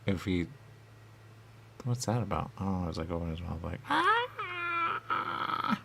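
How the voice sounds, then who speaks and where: A man rambling in a goofy comic back-and-forth with himself, answering his own questions and dropping into hushed asides. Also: deep voice, normal speed, vocal fry, a little hiss or hum. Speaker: radio show personality.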